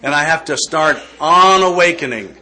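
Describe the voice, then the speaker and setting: A man's voice: a little high, moderate pace, bright, forceful tone. A man giving a recovery step study talk, folksy and joking in a conversational way. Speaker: workshop speaker.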